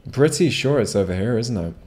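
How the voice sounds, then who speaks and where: A man's voice: medium pitch, lively intonation, fast, a little mellow. A man streaming a game live, rambling casually, swearing freely and chatting with his viewers. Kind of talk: casual live gameplay commentary.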